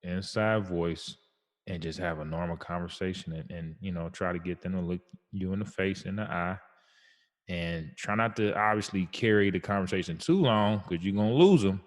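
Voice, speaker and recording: A man's voice: low-pitched, normal speed, big-room sound. A man co-hosting a podcast about fatherhood, telling stories in a laid-back, slangy, reflective way. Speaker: podcast co-host. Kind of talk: casual chat.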